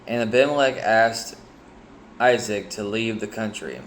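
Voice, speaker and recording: A man reading a Bible chapter aloud and pausing to reflect on it, hesitant and sleepy, with frequent ums and restarts. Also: on the low side, a little hiss or hum. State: sleepy, yawning. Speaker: Bible reader sharing reflections.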